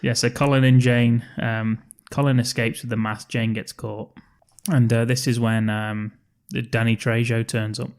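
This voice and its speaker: A man's voice: mid-range voice, little pitch movement, moderate pace. A man, co-hosting a podcast and rambling through a film's plot, swearing and laughing as he goes. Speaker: podcast co-host. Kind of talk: casual film-review chat.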